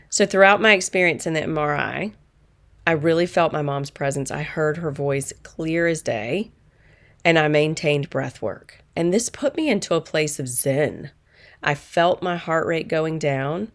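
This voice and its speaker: Calm low-voiced middle-aged woman. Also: a little slow. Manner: calm, earnest, reflective. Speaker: manifestation coach. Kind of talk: personal storytelling monologue.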